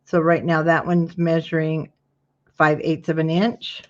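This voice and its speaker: A woman hosting a casual paper-craft tutorial, her voice sitting on the lower side. She chats with viewers by name as she measures and trims. The recording is dull and lo-fi. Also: level tone, a little slow, a little mellow. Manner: chatty, greets viewers by name mid-task.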